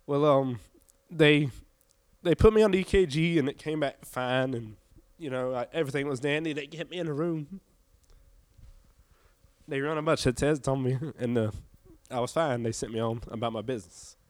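A young man with a drawl tells his faith testimony in an earnest, heartfelt way. He sounds a little worn out and subdued, at a middle pitch. The recording is dry and close, with no room echo. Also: normal speed, pauses often. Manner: earnest, emotional storytelling. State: tired, subdued. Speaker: church member giving testimony.

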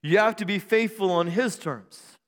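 A man's voice: sits high, moderate pace, long reverb tail. A man preaching a sermon to his church, using humor and call-and-response to keep the room engaged, and drawing out key phrases for emphasis. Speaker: pastor. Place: church sanctuary.

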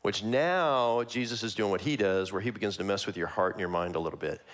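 A man preaching a sermon, walking through a Bible passage verse by verse in a conversational, animated way that acts out the characters. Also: on the low side, brisk.

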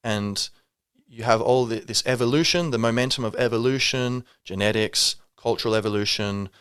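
A man hosts a solo podcast, reflecting and rambling with plenty of fillers and restarts. His mid-range voice is smooth and fairly bright, moving at a moderate pace in a dry, clean studio recording.

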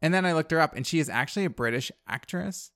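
A man's voice: on the high side, animated, fast talker, a bit bright, no room sound, studio quality. Chatty man recapping a movie. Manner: rambling, filler-heavy, wry asides. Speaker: podcast co-host. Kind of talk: casual movie recap chat.

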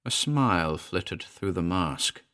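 A man narrating a short horror story in a dramatic reading, moving between hushed and urgent delivery. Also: deep voice, expressive, slow pace, clear, resonant tone.

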